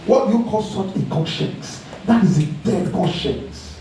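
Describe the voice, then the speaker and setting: Male pastor, high voice with a mellow tone, preaching in a big echoey church from a distance from the mic. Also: lively intonation, measured pace, a little hiss or hum. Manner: preaching with acted quotes and pidgin asides. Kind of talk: sermon. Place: church hall. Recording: very echoey hall, mic far off.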